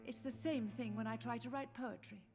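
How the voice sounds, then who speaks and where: An actress voicing a frail, confused old mother who grieves for her lost children, in a soft, wistful game performance. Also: on the high side, fairly even intonation, brisk, over music, close to an everyday voice. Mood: mournful. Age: older. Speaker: game character. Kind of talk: video game voice acting.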